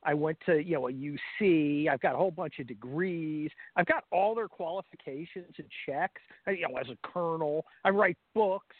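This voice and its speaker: Man, high voice, blunt, sarcastic, combative, dry tinny phone sound. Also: moderate pace, hardly any pauses, no echo. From California, US. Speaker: guest commentator. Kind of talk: talk radio interview.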